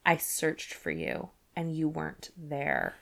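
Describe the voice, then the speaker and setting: A woman's voice: huge pitch swings, creaky, exaggerated voice. A woman reading as a growling fae lord. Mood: hushed menace. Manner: low, slow, hushed menace. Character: half-wild male fae lord, predatory and growling.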